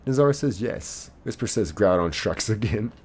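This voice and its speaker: A man's voice: fairly low pitch, lively intonation, moderate pace, a little mellow, slight background noise. A man live streaming a game, reading viewers' chat messages aloud and answering them playfully. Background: faint game music.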